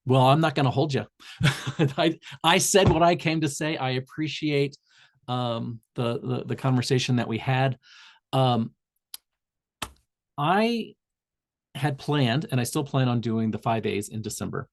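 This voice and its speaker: A man's voice: medium pitch, a little slow, long pauses. A man with a Southern Indiana accent, a public health trainer speaking on a video call webinar, talking loosely with many fillers and restarts. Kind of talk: webinar presentation.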